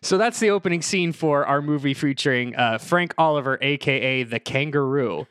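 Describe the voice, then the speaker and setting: A man co-hosting a casual, comedic podcast chat, playful and quick to laugh as he reads from his notes. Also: a little high, fairly bright tone, no room sound, studio quality. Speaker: podcast co-host.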